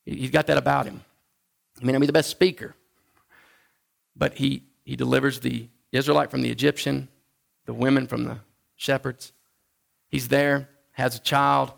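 Gravelly-voiced man preaching casually. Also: flat delivery. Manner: conversational, halting, with frequent restarts and chuckles; acts out the Bible figures in a higher voice. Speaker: pastor. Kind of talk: sermon.

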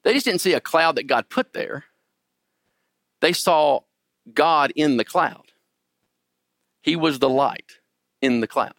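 A Bible teacher with a somewhat high voice speaks slowly and pauses often, recorded cleanly in a studio with no echo. His lesson is informal and conversational, full of restarts, animated emphasis, and check-ins with his listeners.

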